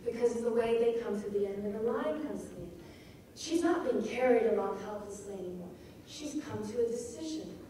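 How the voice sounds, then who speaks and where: A woman giving a lecture on poetry, reading lines aloud with expressive emphasis. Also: fairly high pitch, fairly quick, recorded from a distance, a little hiss or hum. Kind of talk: lecture on poetic rhythm. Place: lecture hall at a festival. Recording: echoey hall, recorded from afar.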